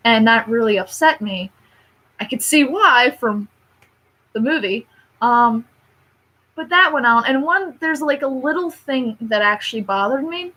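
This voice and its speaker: A woman's voice: fairly high pitch, a little slow, low-quality recording. Chatty young woman ranting about a film. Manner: chatty, animated, frequent fillers and laughs. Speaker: movie reviewer. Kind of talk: rambling casual review.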